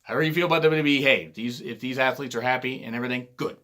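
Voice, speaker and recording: A man reviewing a wrestling show in a heated, loud rant, swearing often. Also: medium pitch, fast talker. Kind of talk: angry profane rant.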